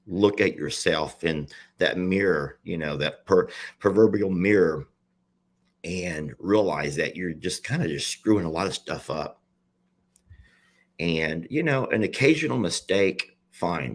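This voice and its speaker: Male vlogger, low and unhurried, emotional confessional talk, stumbles and repeats, near tears. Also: lively intonation. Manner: halting, repeats himself, confessional. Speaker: animal sanctuary owner and page host. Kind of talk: emotional personal vlog.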